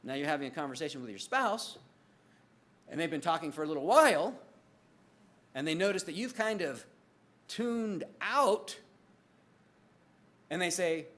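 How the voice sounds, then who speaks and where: Lively conversational male preacher. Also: fairly high pitch, moderate pace, pauses often. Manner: conversational, acts out little dialogues with lively swings of voice. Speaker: pastor. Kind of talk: sermon.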